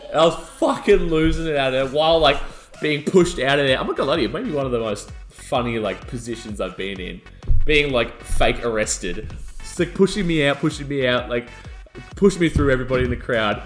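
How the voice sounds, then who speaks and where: A young adult man, co-hosting a podcast and telling a wild story in excitable casual chat. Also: mid-range voice, a little fast, soft background music. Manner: animated, excitable storytelling, yelling out quoted lines. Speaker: podcast co-host.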